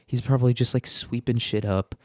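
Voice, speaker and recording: A man's voice: mid-range voice, steady tone, brisk, a little mellow, no echo, clean studio sound. A man hosting casual current-events commentary, talking in a crude, blunt, sarcastic way. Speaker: podcast host.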